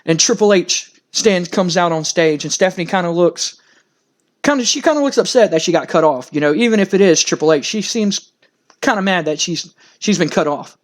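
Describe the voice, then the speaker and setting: A man casually narrates a wrestling game playthrough, rambling along with many fillers and restarts. His voice sits fairly high for a man. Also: animated, brisk.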